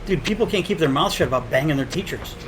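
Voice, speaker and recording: A man's voice: a little high, lively intonation, a bit bright, soft background music, poor audio. A man from Connecticut, a supply shop owner, telling stories as a guest with acted-out quotes and frequent swearing. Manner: rapid storytelling with quoted dialogue, swearing. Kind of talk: casual chat.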